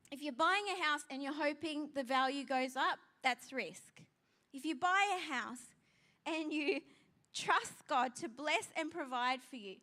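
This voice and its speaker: A woman's voice: high voice, pushed and bright. A woman pastor preaching a sermon to a congregation, emphatic and repeating her key phrases. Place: church service with a live congregation.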